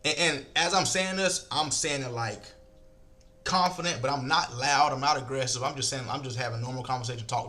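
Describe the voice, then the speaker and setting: A man's voice: medium pitch, normal speed. A man casually telling a story to his viewers, acting out the lines of the people in it and swearing freely. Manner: animated, acts out quoted lines, swears freely.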